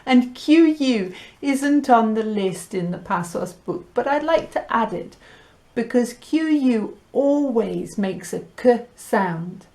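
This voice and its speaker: Slow, clear woman teaching Spanish. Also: on the high side, animated, a little mellow. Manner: slow, clear pronunciation drills with light laughs; mixes Spanish words into English. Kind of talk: recorded language lesson.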